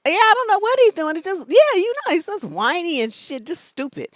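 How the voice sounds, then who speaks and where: A middle-aged woman answers relationship questions in a blunt, scolding way, swearing freely as she drives her points home. Her voice sits high, and the sound is dry and close with no room echo. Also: big pitch swings, a little fast. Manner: profane, scolding and emphatic. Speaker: relationship advice host. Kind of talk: blunt live advice show.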